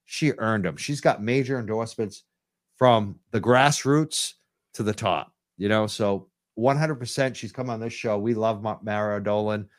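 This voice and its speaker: A man's voice: on the low side, normal speed. A man hosting a live call-in radio show, talking enthusiastically and rambling through restarts.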